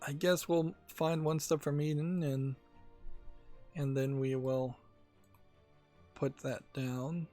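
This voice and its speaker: A man hosting a gaming channel, talking casually about game news in a rambling, halting way with many fillers. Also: fairly high pitch, little pitch movement, dark tone, soft background music.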